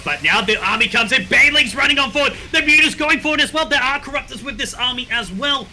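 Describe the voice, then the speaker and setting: A man doing fast, excited play-by-play commentary on a strategy game, speeding up and getting loud in the fights. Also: very high voice, low-quality recording. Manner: speeds up and gets loud in big fights, says he runs out of breath. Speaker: esports caster.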